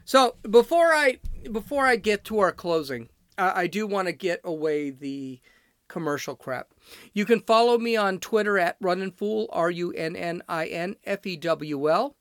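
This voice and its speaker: A man's voice: high-pitched, animated, moderate pace, fairly bright tone, clear, resonant tone, no room sound, clean studio sound. A man from Chicago hosting his podcast, talking in a blunt, rambling, off-the-cuff monologue. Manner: blunt, ranting and digressive. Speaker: podcast host.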